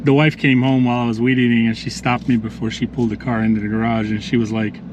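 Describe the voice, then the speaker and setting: Man, casual outdoor vlog, chatty storyteller, mid pitch, faint traffic noise behind. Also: fast talker, hardly any pauses. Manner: chatty, storytelling, addresses viewers as ninjas. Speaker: lawn care vlogger. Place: outdoors at a yard.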